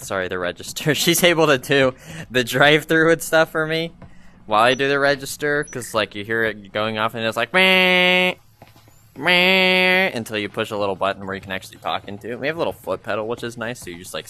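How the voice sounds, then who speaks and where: A man's voice: mid-range voice, sharp tone. A young man rambling and complaining about his job in a casual gaming vlog, full of fillers, speaking into a VR headset mic. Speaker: gaming vlogger.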